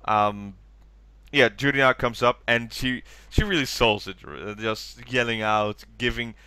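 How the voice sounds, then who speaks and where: A man's voice: medium pitch, steady tone, a little slow, pushed and bright, clean tone, no echo. A tired man co-hosting a podcast, rambling through a recap of a TV special and acting out quoted lines in raised voices. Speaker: podcast co-host. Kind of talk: casual chat recapping a TV special.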